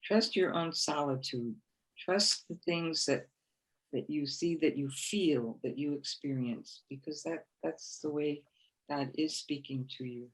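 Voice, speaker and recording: A woman speaker giving a reflective spiritual talk, gentle and encouraging, often repeating phrases for emphasis. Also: low voice, measured pace, slightly rough, rough recording. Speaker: conference speaker.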